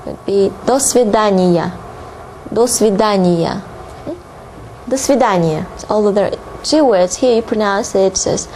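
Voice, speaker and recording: A woman giving a spoken language lesson, repeating each phrase slowly and clearly with the odd filler. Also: mid-range voice, darkish tone, slight background noise, poor audio. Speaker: language teacher. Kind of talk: slow, careful language lesson.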